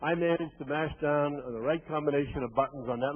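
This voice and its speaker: An older man in his sixties with a somewhat high, husky voice delivers a motivational keynote. He tells his story in vivid first person and throws in wry asides to the crowd. The recording is tinny and lo-fi, like it came through a phone line. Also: fairly quick, hardly any pauses. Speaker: motivational speaker.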